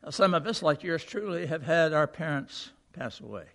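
A male pastor giving a sermon, moving from a lively recited poem into earnest preaching in a church auditorium. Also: fairly high pitch, normal speed, creaky. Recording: long reverb of a large hall.

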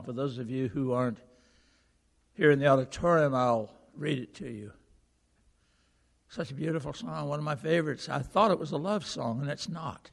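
A man's voice: mid-range voice, vocal fry. Man preaching in an echoing auditorium. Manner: animated poem recital then earnest preaching. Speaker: pastor. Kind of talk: sermon. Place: church auditorium. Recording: long reverb of a large hall.

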